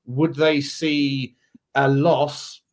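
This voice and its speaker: A man hosting a live football watchalong, tipsy from drinking, boisterous and jokey as he shouts out viewers. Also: medium pitch, flat delivery, very slow. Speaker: watchalong host. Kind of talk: casual live-stream chat.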